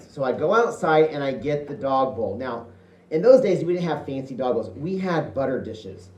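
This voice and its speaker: A man's voice: mid-range voice, normal speed. Chatty man telling a comic story. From Indiana, USA. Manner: chatty, animated, with self-amused laughs. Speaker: solo stage performer. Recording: echoey hall, distant mic.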